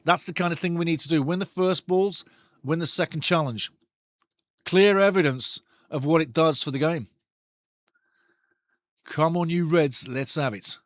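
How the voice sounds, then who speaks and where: A man hosting a live football watch-along, commentating excitedly on the match and chatting with viewers' comments. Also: on the high side, dry recording, clean studio sound.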